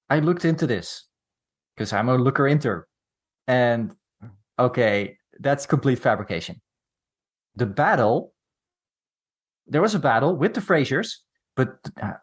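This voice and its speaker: Male podcast co-host, middle pitch, casual and wry, rambling asides. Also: husky. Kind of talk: casual film discussion.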